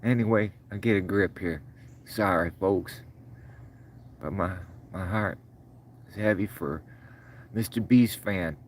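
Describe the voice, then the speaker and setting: A man's voice: low voice, slow, pauses often, slight background noise. A middle-aged man hosting a casual livestream, rambling in a folksy way, choked up and calling viewers brother and sir. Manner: choked up, voice breaking. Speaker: livestream host.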